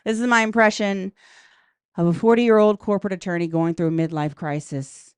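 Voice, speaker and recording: A woman's voice: mid-range voice, a little fast, darkish tone, clean tone, no room sound. A woman doing a brash, profane stand-up comedy set in a comedy club, talking straight to the crowd.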